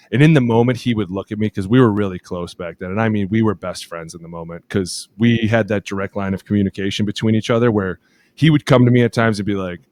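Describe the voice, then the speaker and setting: A man in his thirties, a podcast co-host telling lively locker-room stories, acting out quotes and laughing often. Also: fairly low pitch. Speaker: podcast co-host, former offensive lineman. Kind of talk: casual chat, animated storytelling.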